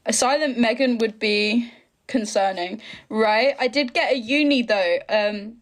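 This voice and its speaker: Her voice is fairly high, with slight background noise behind it. She's an English woman in her twenties from the east of England, chatty and giggly, tossing off quick asides as she answers viewer comments on a casual live stream.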